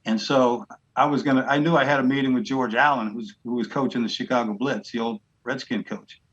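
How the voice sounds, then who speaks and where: A man's voice: mid-range voice, fairly even intonation, fairly quick, a bit bright, muffled recording. Blunt plainspoken man telling stories. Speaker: guest. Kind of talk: casual storytelling.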